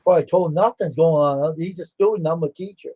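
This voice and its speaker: A man's voice: a little high, a little fast, husky, no room sound, highs cut off. An older man hosting a livestream, telling rambling stories in casual chat and acting out the dialogue. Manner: rambling, laughing, acts out quoted dialogue. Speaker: livestream host.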